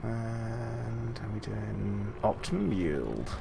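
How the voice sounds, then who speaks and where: A man's voice: lowish voice, expressive, extremely slow, gravelly, very noisy. A man streaming a game and chatting casually while playing, rambling and correcting himself, often laughing. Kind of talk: casual gameplay chat.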